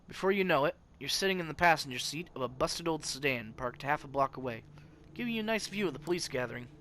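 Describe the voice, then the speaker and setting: A man hosting a game let's play, reading its narration aloud with lively swings between loud and quiet. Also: a little high, quick pace, slight background noise. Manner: animated reading with big swings in loudness.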